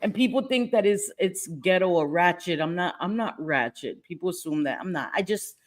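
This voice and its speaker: A woman with a New York accent hosting a casual livestream chat, animated and quick to laugh, reading out viewer comments. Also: fairly low pitch. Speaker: livestream host.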